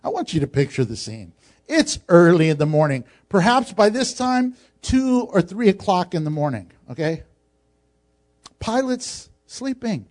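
A man's voice: high-pitched, a little mellow. A male pastor giving a humorous, conversational sermon, acting out scenes as he teaches.

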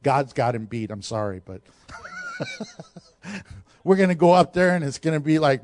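A middle-aged man preaching a sermon, animated, with laughs and asides to the congregation. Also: a little high, a little slow, long pauses, a little hiss or hum. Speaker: pastor.

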